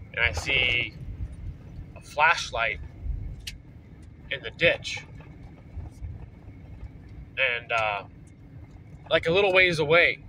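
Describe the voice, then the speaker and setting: A man's voice: medium pitch, pushed and bright, a little hiss or hum, rough recording. Man telling a rambling profane story. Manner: rambling, profane, full of fillers. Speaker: vlogger. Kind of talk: casual storytelling.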